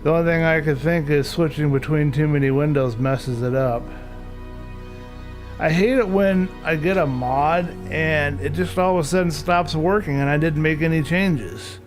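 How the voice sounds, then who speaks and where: A man's voice: fairly high pitch, normal speed, faint music behind. A man chatting casually to viewers during a live game stream, talking to himself and grumbling mildly about technical glitches. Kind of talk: casual live-stream chat while gaming.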